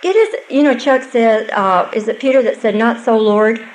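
A woman's voice: a little high, normal speed, a little hiss or hum, poor audio. Earnest older woman teaching scripture. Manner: earnest and conversational, with asides. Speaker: women's Bible teacher. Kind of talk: Bible teaching talk.

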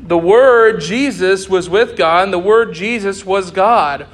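A man's voice: sits high, takes it slowly. A young man preaching a sermon in an earnest way, repeating key phrases for emphasis.

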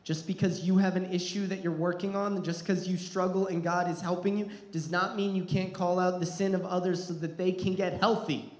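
A man's voice: sits high, level tone, a little fast, few pauses, darkish tone. Earnest male preacher in an echoey hall. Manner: earnest, repeats words when restarting, rises in intensity. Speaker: pastor. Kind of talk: sermon.

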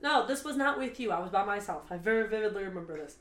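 A woman's voice: medium pitch, expressive, fast talker, reverberant. A woman on a casual podcast, brash and swearing constantly as she tells stories into a studio mic. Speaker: podcast host. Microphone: studio microphone.

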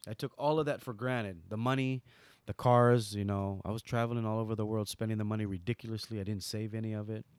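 A man's voice: fairly low pitch, quick pace, clean tone, no room sound. A middle-aged man from Hawaii telling stories as an interview guest, acting out quoted dialogue in casual talk. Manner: animated, acts out quoted dialogue. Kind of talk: casual storytelling.

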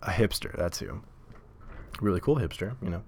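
A low-pitched, animated male voice at a normal pace, slightly dark in tone, with a faint hiss or hum. He hosts his own podcast from a home recording setup at a table, rambling casually into a desk mic in a solo monologue full of fillers and frequent laughter.

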